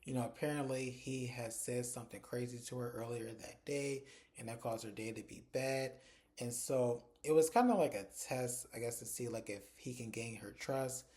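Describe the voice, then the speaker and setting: Man, mellow tone, casual episode recap, chatty storytelling. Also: mid-range voice, normal speed. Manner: chatty storytelling, strings events with "and so" and "like". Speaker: TV episode reviewer.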